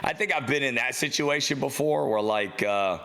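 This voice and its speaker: A young man co-hosts a podcast in casual chat, telling animated stories, swearing freely, and acting out the other people in them. His mid-range voice is creaky and moves at a moderate pace.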